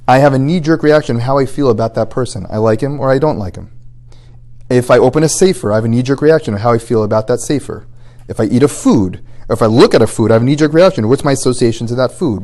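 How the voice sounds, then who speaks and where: A man's voice: medium pitch, fast talker, a little mellow. A man, a rabbi, giving a short ethics talk to students, earnestly explaining and acting out both sides of everyday conversations. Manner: earnest, explanatory, rising intensity on key points.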